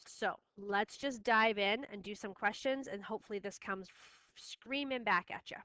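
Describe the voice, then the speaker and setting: Firm, bright-voiced woman math teacher. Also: mid-range voice, smooth, no room sound. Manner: firm, repeats key steps. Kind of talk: classroom lesson recording.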